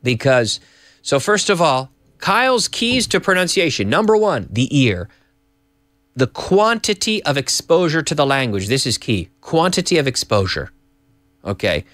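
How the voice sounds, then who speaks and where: A man hosting a live English lesson from an office, explaining pronunciation in an animated, repetitive way and slipping in Spanish phrases. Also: fairly high pitch, unhurried, dry recording. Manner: animated, repeats and restarts, slips in Spanish phrases. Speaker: English teacher and show host.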